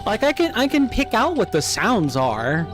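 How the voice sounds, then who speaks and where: General american guy streaming a game live, a bit high-voiced, rambling and answering chat, faint music under it. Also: wildly swooping pitch, normal speed. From United States. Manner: chatty, musing, answers chat aloud. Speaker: let's play streamer. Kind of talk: casual live gameplay chat.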